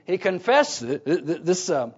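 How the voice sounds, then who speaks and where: Guy preaching a bible lesson, high voice, keeps asking "what?" for the crowd to finish, dull lo-fi sound. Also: very animated, normal speed, breathy edge. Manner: leaves gaps with "what?" for listeners to fill in; emphatic, repeats key phrases. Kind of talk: Bible teaching sermon. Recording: dull lo-fi recording.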